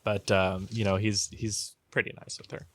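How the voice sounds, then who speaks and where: A man's voice: fairly low pitch, little pitch movement, moderate pace, no echo. A man narrating as game master in a loose, rambling way. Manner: loose, rambling, many fillers and restarts.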